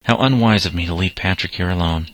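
A man's voice: low-pitched, quick pace, fairly bright tone, no echo. A man reading the lines of an anxious middle-aged mother, in a plain read-aloud voice.

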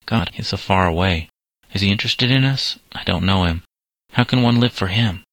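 Man voicing a subdued teenage boy, hesitant, deep voice, bright tone. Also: moderate pace, no room sound. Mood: doubtful. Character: troubled teenage boy recovering in hospital.

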